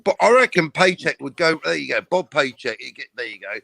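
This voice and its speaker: Bright-voiced swearing man. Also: on the high side, expressive, a little fast, vocal fry, no echo. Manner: swears freely, riffing jokes. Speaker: host. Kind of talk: casual livestream chat.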